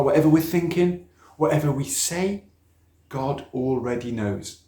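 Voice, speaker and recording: A man's voice: a little high, normal speed, vocal fry, mellow. Man telling a children's sermon. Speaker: speaker at a church youth talk. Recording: echoey church room.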